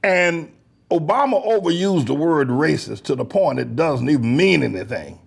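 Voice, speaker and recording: A male pastor with a high, gravelly voice gives scornful commentary on comments he reads out. His tone is husky, and he laughs often. His pitch leaps wildly between booming peaks and low asides. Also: animated, normal speed. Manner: mocking, laughing, swings between booming highs and low mutters. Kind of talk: preacher's commentary reading online comments.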